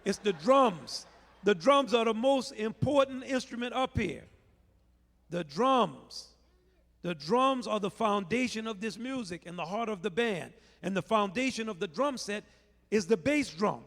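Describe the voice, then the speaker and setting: A man's voice: sits high, animated, unhurried, vocal fry, fairly bright tone. A middle-aged man with a New Orleans accent, leading a playful live music lesson for children and teasing the crowd with call and response. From New Orleans, USA. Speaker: bandleader teaching children. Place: large convention hall stage, live audience. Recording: long reverb of a big hall.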